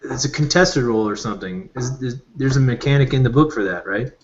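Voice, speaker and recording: A man's voice: mid-range voice, a little fast. A man narrating a tabletop game as its game master. He rambles casually in an average voice and uses many fillers. The recording is dull and lo-fi.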